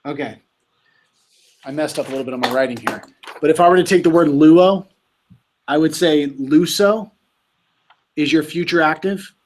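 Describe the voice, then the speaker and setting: Guy tutoring greek, slightly high voice, keeps asking "you tell me". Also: moderate pace, long pauses. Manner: patient, quizzing, says "you tell me". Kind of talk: casual tutoring session.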